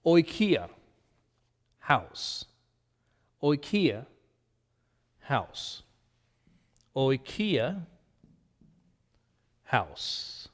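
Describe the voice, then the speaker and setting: A man teaching Greek vocabulary, slowly and deliberately repeating each word and its meaning as a drill lesson. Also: mid-range voice, sing-song, long reverb tail.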